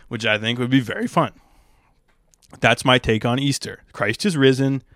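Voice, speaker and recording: A man's voice: medium pitch, very animated, takes it slowly, fairly bright tone, no echo, studio quality. A young man, a stand-up comedian, talking in a casual, rambling monologue with a crude, profane and wry manner.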